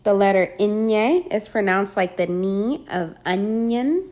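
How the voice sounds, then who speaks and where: A woman teaching a pronunciation lesson, reading out example words slowly and carefully. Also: medium pitch, darkish tone. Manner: slow, careful, spells out sounds and repeats example words. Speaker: language teacher.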